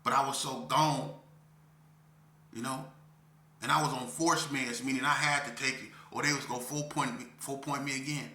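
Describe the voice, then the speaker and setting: A man telling an emotional story of his past as an interview guest, talking intensely in street slang and repeating himself, swinging from near shouts down to a low voice. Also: steady tone, moderate pace, echoey room. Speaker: interview guest recounting prison life.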